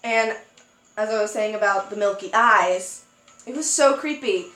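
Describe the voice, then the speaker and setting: A young woman vlogger telling a story in a casual chat, animated and acting out quotes. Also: measured pace, reverberant, faint music behind, low-quality recording. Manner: animated, acts out quotes with sudden high squeals.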